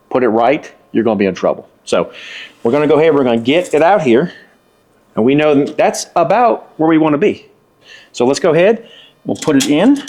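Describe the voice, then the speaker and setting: A man's voice: medium pitch, darkish tone. A man explaining electrical wiring step by step in a casual hands-on tutorial, folksy and repeating himself for emphasis.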